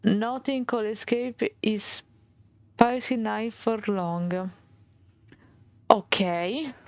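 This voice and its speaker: A woman with an Italian accent reading a game's fairy tale aloud as a streamer, halting and restarting, with Italian asides. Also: medium pitch, fairly even intonation, clean tone, no echo. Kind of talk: reading game text aloud.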